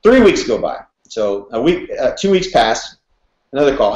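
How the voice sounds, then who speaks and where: A man, a real estate broker in his thirties, telling a story in an interview, fast and energetic, acting out phone calls as he goes. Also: medium pitch. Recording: roomy echo.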